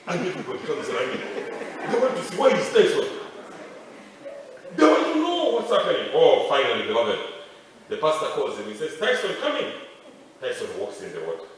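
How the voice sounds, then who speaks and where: A male pastor preaching a sermon as a story, moving from loud excited cries to hushed pleading. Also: medium pitch, fairly quick, a little hiss or hum. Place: large outdoor camp meeting. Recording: echoey long reverb, distant mic, faint ambience.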